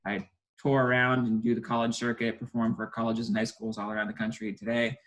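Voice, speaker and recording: A man's voice: medium pitch, level tone, a little fast, a bit bright, rough recording. A man in his twenties, a stage hypnotist, talking casually and eagerly as an interview guest. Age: 20s.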